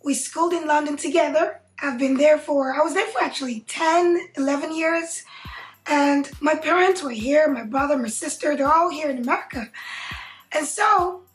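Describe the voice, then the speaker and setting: A young woman guest telling her story in a relaxed, casual chat. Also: sits high, moderate pace, soft background music. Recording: echoey room.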